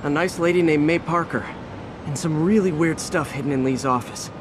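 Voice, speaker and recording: A man's voice: a little high, moderate pace, noisy background, close to an everyday voice. An actor playing a friendly, earnest young male hero who talks in an upbeat, chatty way.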